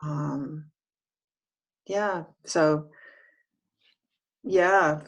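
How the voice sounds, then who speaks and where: A woman in a guided self-inquiry session, talking through her feelings in a hesitant, halting way, often restarting. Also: deep voice. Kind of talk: reflective one-on-one session talk.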